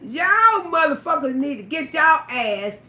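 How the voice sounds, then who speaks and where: A woman telling a raunchy story on a live stream, loud, profane and laughing often. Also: high-pitched, very animated, a little slow, roomy sound. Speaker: livestream storyteller.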